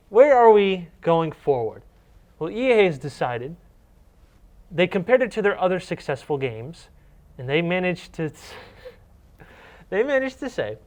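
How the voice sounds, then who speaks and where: A young man co-hosting a casual gaming news chat, ranting and often restarting his sentences. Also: a little high. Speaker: co-host.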